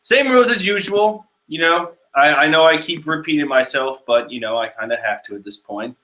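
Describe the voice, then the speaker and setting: A man's voice: on the high side, a little fast, pushed and bright. A young man chatting casually as he reacts to a comic, rambling and full of fillers. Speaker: manga reaction host. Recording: echoey room.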